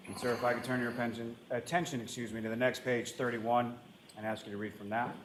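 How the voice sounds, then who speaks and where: A man's voice: mid-range voice, flat delivery, fast talker. A man questioning a witness in court as an attorney, formal and polite, repeating set phrases. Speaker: trial attorney. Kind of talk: courtroom direct examination. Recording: roomy courtroom with background noise.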